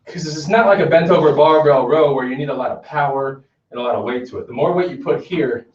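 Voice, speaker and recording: A man's voice: a little high, fast talker, darkish tone, recorded from a distance. Fitness coach, male, chatty demo style, heard from across an echoey gym, dull sound. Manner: conversational, checks in with "okay?" often. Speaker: fitness instructor. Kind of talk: casual workout demonstration. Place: gym, indoors.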